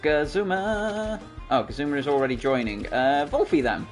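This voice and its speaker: An Australian man with a Sydney accent commentating a video game, excitable and shouting at the battles. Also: on the high side, moderate pace, soft background music. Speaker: gaming channel host. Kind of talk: let's play commentary.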